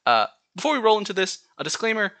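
A man's voice: high voice, very animated, quick pace, bright, forceful tone, no room sound. A man with a General American accent hosting a solo podcast, chatting through word lists and spelling words out letter by letter. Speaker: podcast host.

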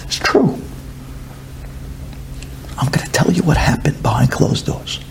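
A man's voice: medium pitch, a little fast, creaky, darkish tone. A man, a religious storyteller, telling a dramatic story and often dropping to intense whispers.

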